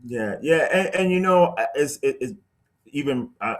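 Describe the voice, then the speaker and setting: A man as a guest, telling a story in a casual, animated way, with many restarts. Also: medium pitch, moderate pace.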